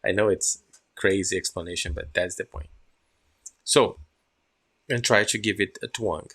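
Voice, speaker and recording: Gravelly-voiced man teaching English. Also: sits low, unhurried, long pauses, a bit bright. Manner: keeps checking in with "yeah?" and "okay?"; acts out sounds while explaining. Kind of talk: casual online English lesson.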